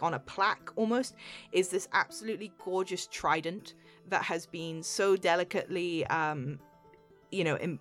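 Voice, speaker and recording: A woman's voice: fairly low pitch, fairly bright tone. A woman narrating as game master of a tabletop game, rambling with fillers and restarts. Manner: rambling, many fillers and restarts, laughs easily.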